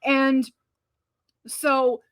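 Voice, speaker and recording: A woman co-hosting a casual movie review, talking in an animated, emphatic and profane way, acting out scenes as she retells them. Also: sits high, drawn-out words, no room sound. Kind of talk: casual spoiler-filled movie review chat.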